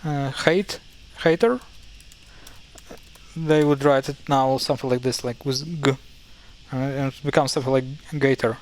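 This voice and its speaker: A man's voice: mid-range voice, level tone, normal speed, few pauses. Hesitant man explaining pronunciation. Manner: hesitant, many fillers and self-corrections. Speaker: language teacher. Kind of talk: casual explanatory lesson.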